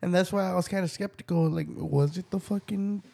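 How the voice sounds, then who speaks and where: A man's voice: sits high, fairly quick, vocal fry. A man in casual crude banter, telling stories with lots of laughter and profanity. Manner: storytelling, laughing, lively swings.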